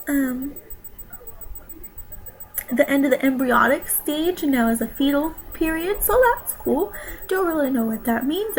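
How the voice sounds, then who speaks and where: A woman's voice: high-pitched, rough recording. A young woman vlogging a casual pregnancy update, rambling and nervous.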